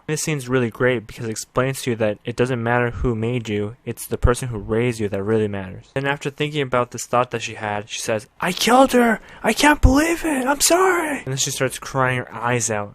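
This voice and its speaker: Young man, casual anime recap, blunt and swearing, mid-pitched voice, dry close sound. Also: fairly bright tone, no room sound. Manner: blunt and profane, quick-talking. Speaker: anime reviewer.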